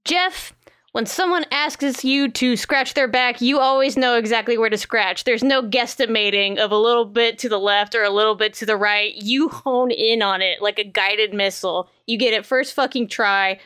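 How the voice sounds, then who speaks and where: A woman's voice: on the high side, fairly even intonation, normal speed, fairly bright tone, smooth. A woman hosting a casual podcast, introducing friends with playful teasing. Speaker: podcast host.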